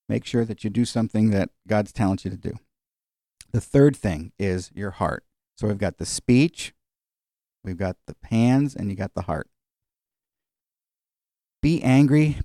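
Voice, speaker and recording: A man's voice: on the low side, warm tone, dry recording, clean studio sound. A man preaching a sermon in a conversational teaching manner, often putting questions to his listeners.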